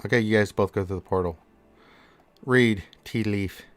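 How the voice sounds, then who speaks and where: A man's voice: lowish voice, normal speed, no room sound. A man narrating as dungeon master in a tabletop game, casual and laughing now and then. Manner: casual, laughs often, fillers while narrating.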